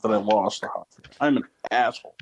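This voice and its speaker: A young man co-hosting a casual podcast, loud and swearing in mock outrage among friends. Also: lowish voice, fast talker, slight background noise. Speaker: podcast co-host.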